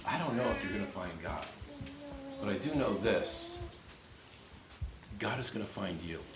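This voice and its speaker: Low-voiced man preaching in an echoey church. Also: slight background noise. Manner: storytelling, retelling a conversation in quotes. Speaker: pastor. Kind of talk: sermon. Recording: echoey church with faint ambience.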